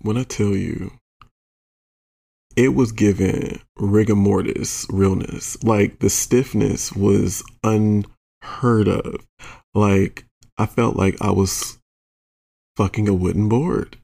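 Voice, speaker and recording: A man with a low, gravelly and somewhat husky voice tells a raunchy story as a podcast host. He talks slowly, swears a lot and sounds exasperated as he acts out what was said. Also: steady tone, warm tone. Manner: profane, exasperated storyteller who acts out quotes. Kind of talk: explicit comedic storytelling monologue.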